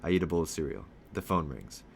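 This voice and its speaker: Low-voiced man reading a novel aloud. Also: fast, vocal fry, slight background noise. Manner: steady first-person storytelling, voicing dialogue lightly. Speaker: reader of a children's novel.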